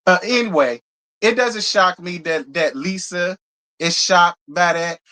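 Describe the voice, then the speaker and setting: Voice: mid-range voice, unhurried, sharp tone. A reality TV reviewer hosting a live show review, ranting in a blunt, profane, heated way and hammering points home by repeating them. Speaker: reality TV reviewer, channel host.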